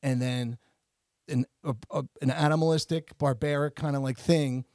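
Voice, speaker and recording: A man's voice: medium pitch, fairly even intonation, moderate pace, a little mellow, no echo, studio quality. A man in his forties, co-hosting a podcast, tells a long story in a rambling way, full of restarts and "like"s. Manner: rambling, self-interrupting, many restarts and "like"s. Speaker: podcast co-host. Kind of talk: casual storytelling chat.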